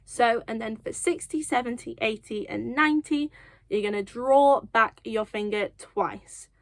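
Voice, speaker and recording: A young woman teaching children sign language, counting slowly and encouraging them with light self-deprecating laughs. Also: fairly high pitch, no room sound. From United Kingdom. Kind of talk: children's lesson, slow counting.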